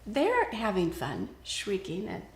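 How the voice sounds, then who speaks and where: A woman's voice: medium pitch, huge pitch swings, slow pace. An older woman talking earnestly and casually about raising children, telling stories and acting out what she would say. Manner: earnest, storytelling, acts out quoted lines. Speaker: parenting speaker. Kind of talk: casual conversational advice. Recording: roomy echo.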